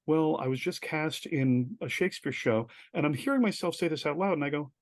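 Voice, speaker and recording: A middle-aged man, a professor and theater artist, telling stories as an interview guest and acting out quoted dialogue in lively bursts. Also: a little high, fast talker, few pauses, no room sound. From United States. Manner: animated, acts out quoted dialogue in bursts, self-deprecating. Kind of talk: conversational storytelling in an interview.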